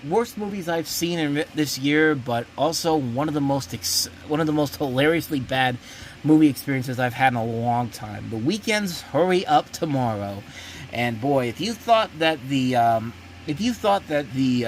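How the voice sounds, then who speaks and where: A man talks through a casual, unscripted movie review at a middle pitch. He is blunt and emphatic, stumbles and restarts often, and jumps up in pitch when he gets worked up. Faint noise sits under the recording. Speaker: host of a movie review show.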